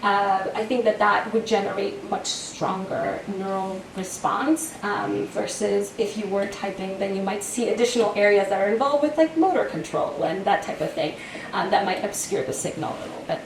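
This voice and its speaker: A woman researcher explains her work carefully, pausing on fillers, in a gravelly mid-range voice. She is caught at a distance in an echoey room. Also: mid-range voice, noisy background. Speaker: researcher guest. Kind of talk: answering audience questions. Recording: echoey room picked up from afar.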